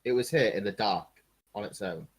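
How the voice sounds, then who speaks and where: A man's voice: fairly low pitch, normal speed, husky. A man narrating as game master of a tabletop game, hesitant with many ums and restarts.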